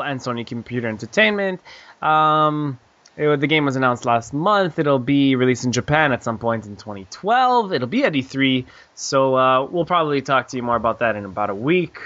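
A man's voice: mid-range voice, animated, normal speed, fairly bright tone, no room sound, muffled recording. A man hosting a gaming podcast, joking around loosely and reading out news with plenty of "uh" and "um". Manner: joking, loose, with frequent "uh" and "um" and giggles. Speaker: podcast host. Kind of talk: casual chat with news reading.

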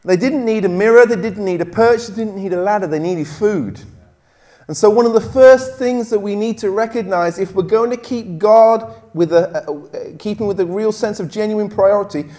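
A man's voice: high voice, moderate pace. A man preaching a sermon, telling a joke story and acting out the characters before making his point. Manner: animated storyteller, acts out characters.

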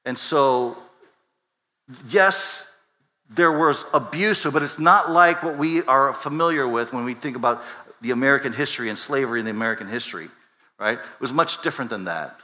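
A man's voice: medium pitch, normal speed, sharp tone, in a large hall. A male pastor preaching a sermon in a conversational way, asking rhetorical questions and often restarting his sentences. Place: church sanctuary.

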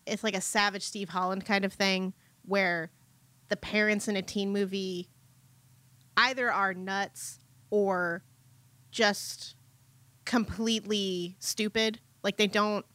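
Bright, chatty woman discussing a movie. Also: medium pitch, steady tone, slow pace, no room sound. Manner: chatty, laughs often, trails off and restarts. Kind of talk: casual chat about a movie.

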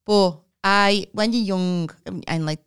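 A woman, co-hosting a podcast with quick, joking banter. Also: lowish voice, smooth, dry recording, studio quality. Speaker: podcast co-host, comedian. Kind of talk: casual chat.

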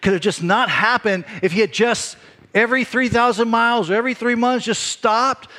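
A middle-aged man delivering a sermon, telling a personal story in a conversational, animated way with frequent restarts. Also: very high-pitched, normal speed. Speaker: pastor.

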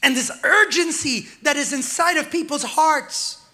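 A male pastor preaching with a very high, forceful voice. He swells louder and then drops quiet by turns and calls out to the congregation as he goes. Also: measured pace. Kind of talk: sermon.

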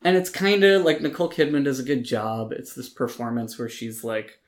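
Man, casual podcast chat, opinionated, animated, lots of ums, mid-pitched voice. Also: normal speed. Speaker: podcast co-host reviewing films and TV.

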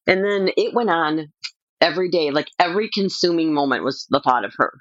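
A woman talking as a podcast guest, telling a personal story in a rambling, animated way with lots of fillers. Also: low voice, brisk, dry recording, muffled recording.

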